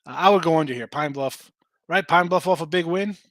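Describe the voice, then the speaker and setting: A man hosting a sports betting show in casual chat, excitable and quick to swear, calling out viewers by name. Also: fairly high pitch, no echo. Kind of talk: casual betting picks talk.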